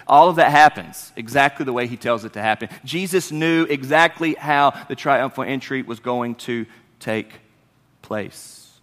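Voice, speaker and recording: Bright-voiced preacher in a hall. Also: male voice, a little high. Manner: animated preaching, swings from loud to quiet. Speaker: pastor. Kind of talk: sermon. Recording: long hall reverb.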